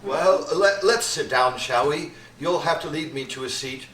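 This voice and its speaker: A man plays a fussy, preachy pastor who can barely see, hesitating and fretting as he speaks. His voice sits a bit high and is heard from far back in an echoey theatre. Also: normal speed, a bit bright, lightly acted. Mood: prim. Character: nearly blind, pious, fussy male pastor. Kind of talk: live stage comedy acting. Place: community theatre stage. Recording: echoey hall, far from mic, noise.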